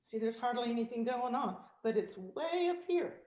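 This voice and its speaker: In a virtual meeting, an animated woman who is a vocal coach and guest speaker coaches singers, demonstrating technique, laughing often, and singing vocal exercises. Her fairly high voice moves at a normal speed and comes through a video call, sounding echoey with the highs cut off.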